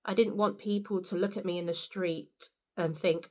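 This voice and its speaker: A woman's voice: mid-range voice, moderate pace, a little mellow. A young woman giving a candid, upbeat personal testimonial and often turning to the listener with asides. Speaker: patient sharing her experience. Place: indoors at home.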